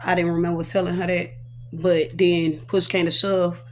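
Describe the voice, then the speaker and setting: A woman's voice: lowish voice, little pitch movement, normal speed, a little mellow, slight background noise. A woman, a prophetess, telling her personal testimony with earnest emotion, recounting it through quoted dialogue.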